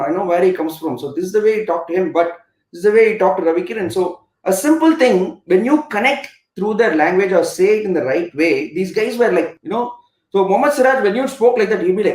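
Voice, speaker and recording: A middle-aged former cricketer with an Indian English accent tells stories as a guest on a live web interview, rambling with lots of fillers and restarts. His voice is high-pitched and darkish in tone, and he talks fast. The recording has a roomy echo.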